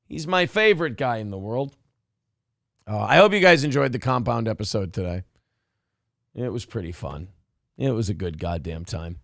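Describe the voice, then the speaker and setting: A man hosting a casual livestream, reading super chats in a profane, rowdy way with sudden loud outbursts, a little drunk. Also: fairly low pitch, expressive, moderate pace, creaky, pauses often, no room sound, clean studio sound. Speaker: livestream host.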